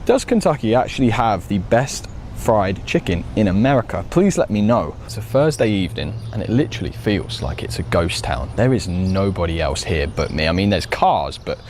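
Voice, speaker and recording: A man's voice: on the low side, big pitch swings, moderate pace, darkish tone, a little hiss or hum. A man from Britain vlogging his travels, chatty and curious, outdoors on a small-town street. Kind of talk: travel vlog narration.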